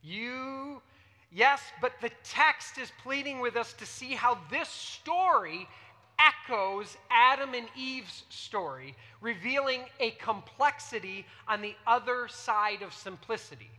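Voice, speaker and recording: A preacher with a bright, forceful voice teaches a sermon and keeps putting questions to the listeners. The voice carries a long reverb, as from a large hall. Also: medium pitch, animated, takes it slowly. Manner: teaching, asks the audience questions.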